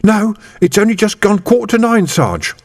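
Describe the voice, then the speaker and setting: A man's voice: high-pitched, very animated, moderate pace, voice pushed up, full character voice. A man voicing an eager young watchman. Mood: earnest. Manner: earnest and deferential. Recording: reverberant room.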